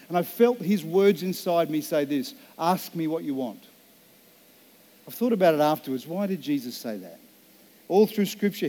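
Speaking slowly and earnestly, a pastor shares a personal story in his sermon, putting weight on each phrase for emphasis. His voice is mellow and rather high.

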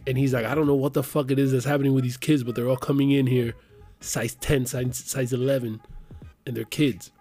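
A man's voice: mid-range voice, a little fast, faint music behind. A man in his thirties from the Miami area, telling a profane story in casual chat and acting out the voices of the people in it. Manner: profane, animated storyteller who acts out quotes.

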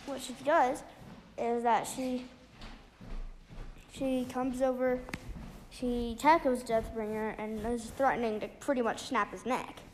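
A woman casually retelling a book's plot, halting often with restarts and fillers. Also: on the high side, fairly even intonation, a little hiss or hum. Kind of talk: casual spoken book recap.

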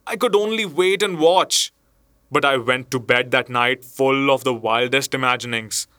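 A man reading a story aloud as narrator, in a measured storytelling manner. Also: mid-range voice, pushed and bright, no room sound, clean studio sound. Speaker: audiobook narrator. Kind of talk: scripted narration.

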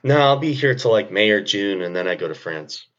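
A man's voice: on the low side, lively intonation, fairly quick, a bit bright, highs cut off. A man co-hosting a podcast, chatting in a laid-back way with crude jokes. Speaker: podcast co-host. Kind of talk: casual chat.

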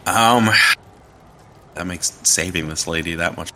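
A man's voice: low voice, measured pace, pushed and bright. A man playing a tabletop game, talking in a joking, offhand way. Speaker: player. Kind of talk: casual tabletop play.

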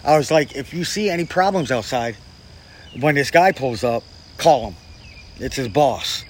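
A man's voice: mid-range voice, animated, moderate pace, a little hiss or hum. Cursing man. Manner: profane, acts out quoted people. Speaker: guest storyteller. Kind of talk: casual storytelling chat.

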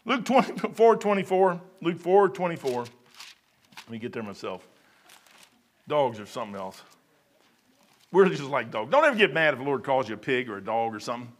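A man preaching a casual sermon, rambling and folksy as he tells stories and reads scripture slowly. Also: on the high side, big pitch swings. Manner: reads scripture slowly, then trails off quietly.

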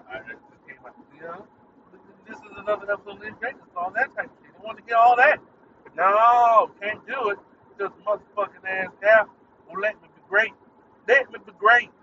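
Irritated, cursing high-voiced man on a muffled mic. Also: brisk, pushed and bright, recorded from a distance, a little hiss or hum. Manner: irritated, profane, rambling. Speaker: podcast host. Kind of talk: casual solo rant.

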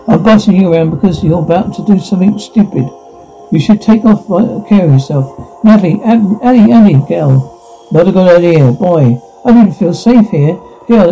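A man reads out a drama script line by line, sound cues and all, in a flat, halting manner with frequent restarts. His voice sits high, yet its tone is very dark and mellow. A dull, lo-fi recording carries faint music underneath. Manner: flat, stumbling read with restarts. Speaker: reader voicing a whole drama.

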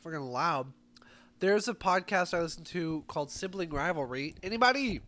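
A man's voice: fairly high pitch, lively intonation, moderate pace, bright, forceful tone. A man co-hosting a casual podcast at home, rambling and swearing, laughing often and tripping over words. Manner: rambling, profane, laughs a lot, stumbles on words. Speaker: podcast co-host. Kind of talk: casual chat. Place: home, indoors. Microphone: podcast mic.

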